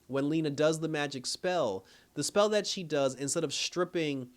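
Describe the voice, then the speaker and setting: A man's voice: a little high, moderate pace. Chatty man recapping with lots of fillers. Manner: rambling, full of "you know" and "like" fillers; chuckles often while recapping. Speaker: TV episode reviewer. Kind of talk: casual spoken review.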